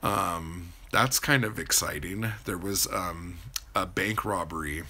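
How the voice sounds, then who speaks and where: Man, livestream host, casual rambling chat, slow unhurried pace, bright tone, swears. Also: sits low, slight background noise. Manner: rambling, answers viewer chat, swears freely.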